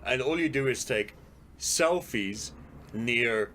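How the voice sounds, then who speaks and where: A man co-hosting a casual film and gaming podcast in an easygoing, lively way. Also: mid-range voice, slow pace, slight background noise. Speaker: podcast co-host.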